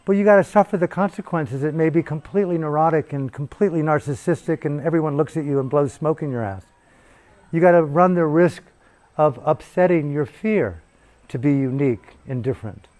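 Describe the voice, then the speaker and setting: A man's voice: on the high side, fairly quick, a little mellow. A man giving a profane, provocative dharma talk as a meditation teacher at a retreat. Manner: provocative, swearing, intense. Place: retreat hall in Bali.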